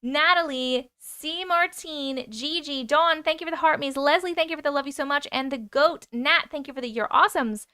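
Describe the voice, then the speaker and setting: A woman hosting a casual livestream, chatting with viewers and rattling off quick thank-yous for gifts, excitable and prone to laughing and swearing. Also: high voice, no echo, clean studio sound. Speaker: livestream host. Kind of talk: casual livestream chat, reading comments and thanking gifters.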